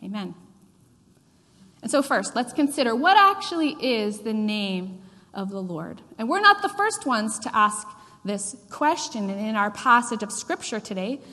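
A woman's voice: medium pitch, expressive, moderate pace, sharp tone, in a large hall. A woman pastor preaching a sermon, telling a story with frequent fillers.

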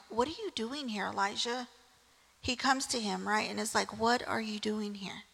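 Woman preaching casually, gravelly bright voice, chatty, long echoey hall. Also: medium pitch. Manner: chatty storytelling, frequent "right?" asides. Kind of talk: casual conversational sermon.

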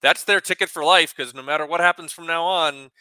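A man's voice: a little high, a little fast, bright, forceful tone, clean tone, no echo. A man co-hosting a talk radio show, chatting casually in the studio, hesitating over his words and chuckling often. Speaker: radio co-host.

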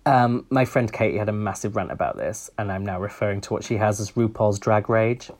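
A man's voice: on the low side, fairly quick, darkish tone. A man co-hosting a podcast, chatting casually and opinionated, with frequent ums. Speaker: podcast co-host. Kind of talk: casual chat.

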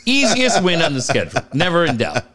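A middle-aged man co-hosts a podcast, needling his partner and breaking into exclamations. His voice runs a little high and swings widely in pitch. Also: sing-song, fairly quick, a bit bright. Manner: teasing, exclamatory. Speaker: podcast co-host. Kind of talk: casual chat.

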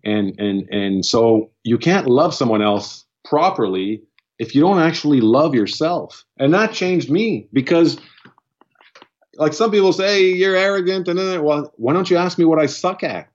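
A man's voice: fairly high pitch, expressive, normal speed, a little mellow, lo-fi sound. Blunt, swearing man rambling with restarts. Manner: blunt, profane, restarts sentences a lot. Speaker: podcast guest. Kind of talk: casual chat.

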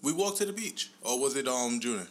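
A man's voice: medium pitch, animated, fairly quick, slight background noise. A man in casual chat with friends, protesting and bantering back.

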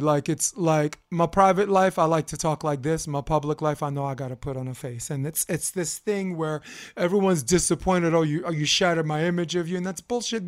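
Male co-host, slightly high voice, heated rambling sports-debate rants full of restarts. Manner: heated, rambling, repeats words, laughs.

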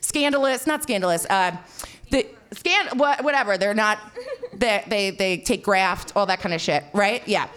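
A woman telling a personal story, animated and self-mocking, swearing freely and filling her talk with "like". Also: mid-range voice, normal speed, smooth. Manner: animated, swearing, heavy filler "like"; self-mocking, frequent laughter.

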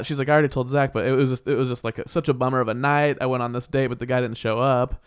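Young male co-host, casual storyteller, animated and heated, swears freely, ordinary mid pitch. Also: racing, clean tone. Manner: animated, heated storytelling with frequent laughs and profanity. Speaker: podcast co-host.

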